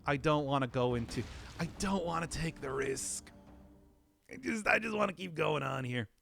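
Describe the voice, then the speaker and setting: A man's voice: on the high side, animated, normal speed, creaky, fairly bright tone, faint music behind. A man rambling through casual gameplay commentary, laughing often and mocking himself, his voice groggy from not having talked all day. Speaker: streamer.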